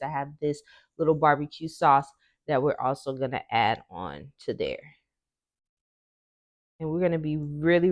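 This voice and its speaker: A woman's voice: low voice, a little mellow, dry recording. Chatty woman hosting a home cooking show. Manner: chatty, encouraging, talks straight to viewers.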